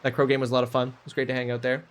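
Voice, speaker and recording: A man's voice: mid-range voice, monotone, very fast. A man from Nova Scotia with a Canadian accent, chatting casually and jokingly while streaming a game. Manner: chatty, jokey, swears freely.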